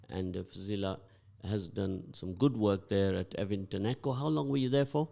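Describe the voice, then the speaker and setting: Low-voiced male radio host. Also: normal speed, creaky, hardly any pauses, mellow. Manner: encouraging, addresses listeners directly. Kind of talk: community radio interview.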